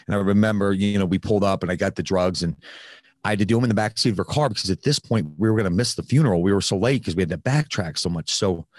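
A man's voice: deep voice, no room sound, clean studio sound. A man telling a candid personal story in casual conversation, with frequent fillers and some swearing. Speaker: podcast host, guest telling his recovery story.

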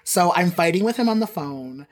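A woman co-hosting a podcast in casual chat, swearing freely and gushing in quick bursts. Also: fairly low pitch, expressive. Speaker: podcast co-host.

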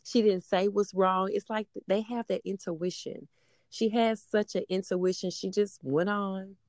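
Speaking at a measured pace, this woman has a medium-pitched, steady, somewhat dark voice. She's in her thirties, mother to a middle-school girl, and her casual conversation wanders with plenty of fillers. The sound is dry and of studio quality.

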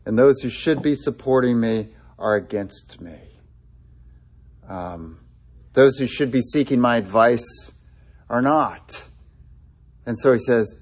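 A man's voice: mid-range voice, unhurried, long pauses, a little mellow, slightly rough. A man preaching a sermon in a conversational way, with frequent fillers and restarts, quoting scripture with feeling. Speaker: pastor.

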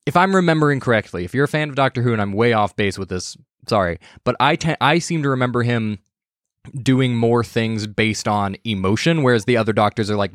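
A man's voice: medium pitch, fairly quick, no echo, clean studio sound. A man in casual chat, talking hesitantly with many fillers. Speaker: podcast cohost.

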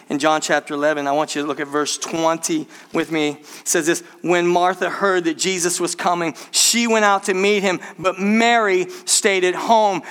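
Male pastor, animated sermon delivery, high and bright tone. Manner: animated preaching, acts out quoted voices, addresses the congregation as church.

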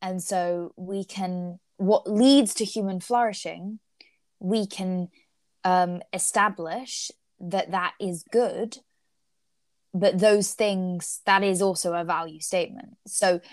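Slow, thoughtful young woman. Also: on the low side, dry recording. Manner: thoughtful, hesitant with frequent fillers. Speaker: co-host discussing ethics. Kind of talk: casual study discussion.

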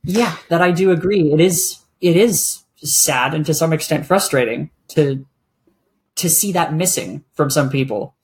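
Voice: mid-range voice, measured pace, darkish tone. Reflective podcast guest, searching for words. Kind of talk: casual conversation.

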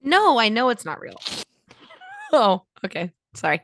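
A woman's voice: a little high, very animated, a bit bright, slight background noise. A woman co-hosting a podcast, chatting playfully about a movie and laughing often. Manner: playful, quick to laugh and agree. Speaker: podcast co-host. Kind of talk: casual chat reviewing a movie.

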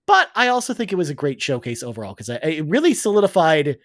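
A man's voice: on the high side, wildly swooping pitch, fast, a bit bright, no echo, studio quality. A man co-hosting a casual live-stream chat, playful and sarcastic. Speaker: podcast co-host.

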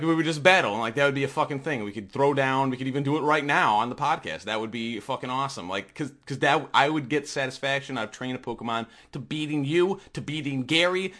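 Bright-voiced profane podcast co-host man. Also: mid-range voice. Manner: profane, sarcastic, animated rants. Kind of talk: casual podcast chat.

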